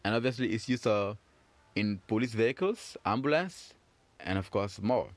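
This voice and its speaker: A man teaching French phonics to children in a patient, encouraging way, repeating sounds slowly. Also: lowish voice, lively intonation, no room sound. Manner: slow, patient, encouraging, drawn-out repetitions.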